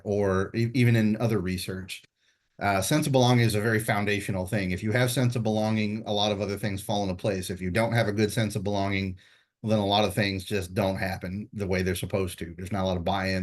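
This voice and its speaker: A man with a fairly low voice presents research over a webinar call. He talks in a measured, explanatory way and checks in with quick rhetorical questions. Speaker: university veteran services staff presenting research.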